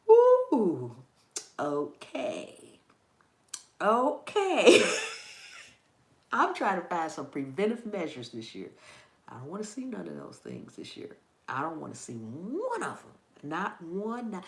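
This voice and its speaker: Lively woman telling a story, echoey room. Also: medium pitch, a little slow. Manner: animated storytelling, laughing, exclaiming. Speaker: gardening channel host. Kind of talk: casual chat with viewers.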